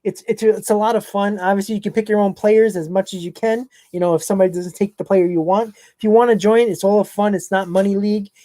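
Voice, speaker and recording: Male live-stream host, mellow tone, opinionated and blunt, casual chat delivery. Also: high-pitched, steady tone, fast talker, hardly any pauses, no room sound. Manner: blunt, opinionated, answers chat viewers by name.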